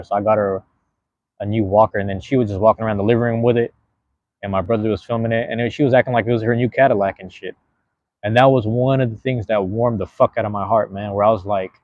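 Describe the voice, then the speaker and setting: On a live stream, a young man from the American West Coast talks in a relaxed, wandering monologue heavy on slang and profanity; he hosts podcasts and streams. His voice is lowish and darkish in tone, and the recording sounds dry and muffled.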